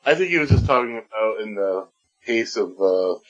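A man on a casual podcast call, explaining something in a measured way. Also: fairly low pitch, expressive, muffled recording. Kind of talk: casual chat.

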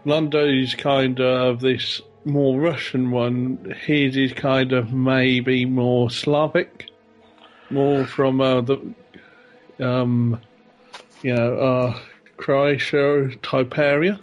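A man with a mid-range voice speaks slowly in a casual fan discussion. He weighs his words and pauses to find them. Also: mid-range voice, flat delivery, muffled recording, faint music behind.

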